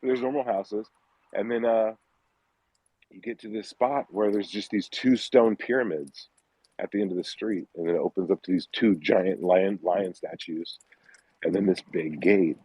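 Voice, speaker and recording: A man's voice: low-pitched, normal speed, slightly rough, no room sound. A man telling a creepy personal story in casual chat, acting out the people in it. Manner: animated, acts out dialogue in his story. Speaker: storyteller guest. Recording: dull lo-fi audio.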